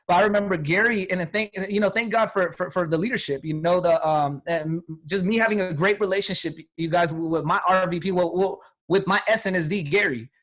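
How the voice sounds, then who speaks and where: Man, 30s, high-pitched, energetic motivational storyteller. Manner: energetic, repetitive, quotes people in acted voices. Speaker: guest speaker.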